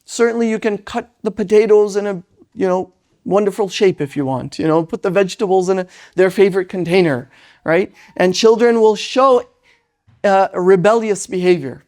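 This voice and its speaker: A lecturer giving an Islamic parenting lesson. They speak in a lively way, often tag lines with "right?", and briefly act out parents and children. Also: medium pitch, moderate pace. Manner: animated, tags lines with "right?"; acts out parents and children in quoted voices.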